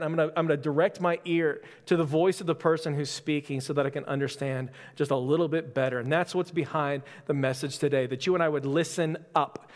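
A man preaching a casual sermon, telling stories with easy, self-deprecating humor. His slightly raised voice rings out through a hall with a long reverb tail. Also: a little high. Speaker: pastor. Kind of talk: conversational sermon.

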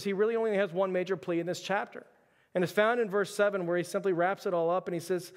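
A man's voice: sits high, fairly even intonation, fast. A young adult man preaching a sermon as pastor, telling stories casually with lots of "like" and filler. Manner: casual storytelling with frequent "like". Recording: long reverb of a hall.

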